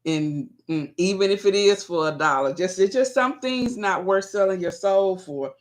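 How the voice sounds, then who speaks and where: A woman's voice: mid-range voice, normal speed, hardly any pauses. A woman hosting her own vlog, chatting casually and rambling as she speaks directly to her viewers.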